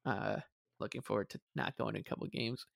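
A man co-hosting a sports podcast, talking in a measured, hesitant way. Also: fairly low pitch, steady tone, vocal fry, no room sound, clean studio sound. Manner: measured, hesitant, many fillers and restarts. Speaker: podcast co-host. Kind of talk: casual sports talk.

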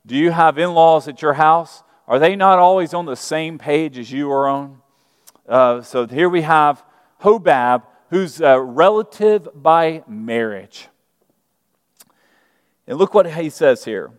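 A man's voice: fairly high pitch, lively intonation, moderate pace. A middle-aged man from Alabama, preaching a sermon in a conversational way and asking the congregation questions. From Birmingham, Alabama. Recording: reverberant church hall.

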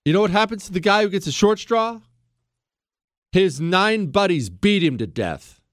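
A man with a high voice hosts talk radio in a heated monologue, firing off rhetorical questions and building toward anger. His voice is close-miked and bone dry, with no room sound at all. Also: lively intonation, moderate pace, dry recording. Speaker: radio talk show host. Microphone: studio microphone.

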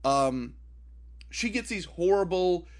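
A man from Florida co-hosting a casual film review podcast, animated and critical, with plenty of "like" fillers. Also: sits high, slow pace.

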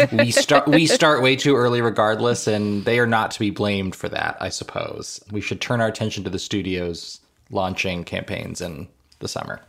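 Wry low-voiced man co-host. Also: animated, normal speed, gravelly, fairly bright tone. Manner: wry, laughs between phrases. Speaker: podcast co-host. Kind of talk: casual chat.

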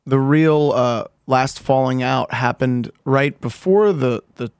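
Gravelly man telling a family story. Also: medium pitch, no room sound, clean studio sound. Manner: halting, restarts often, swears casually. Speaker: podcast co-host. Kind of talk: candid personal storytelling.

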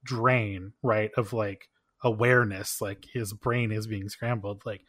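A man on a podcast with a husky voice, speaking emphatically and filling his talk with "like" and "you know". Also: lowish voice, fairly even intonation, measured pace, a bit bright, no echo, studio quality. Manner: emphatic, many fillers. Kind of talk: casual discussion.

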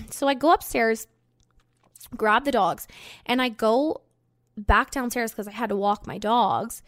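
A young woman hosts a podcast and tells her story in loose, casual chat, with plenty of "like" and frequent swearing. Her voice sits a little high. The recording is dry, with no room sound. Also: unhurried, dry recording. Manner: chatty, swears freely, fillers of "like". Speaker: podcast host.

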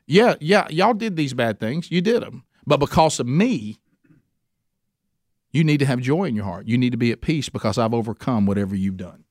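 A man's voice: mid-range voice, lively intonation, moderate pace, darkish tone, no room sound, clean studio sound, close to an everyday voice. A man voicing a savior who speaks to his followers in a casual, comforting, conversational way. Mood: reassuring. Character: reassuring savior speaking to followers, male adult.

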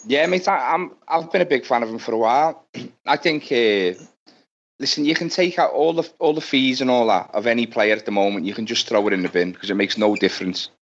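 A man's voice: medium pitch, fairly quick. A man giving blunt, sweary football opinions on a casual podcast, rambling with fillers, on a dull lo-fi recording. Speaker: podcast guest.

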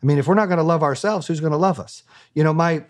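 A man's voice: fairly high pitch, fast talker. A man being interviewed as a business owner, talking candidly in a blunt, profane and fired-up way.

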